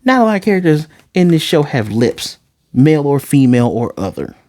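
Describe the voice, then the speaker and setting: A man casually recapping and reviewing an anime episode, talking excitedly and rambling straight to his viewers. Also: fairly high pitch, brisk.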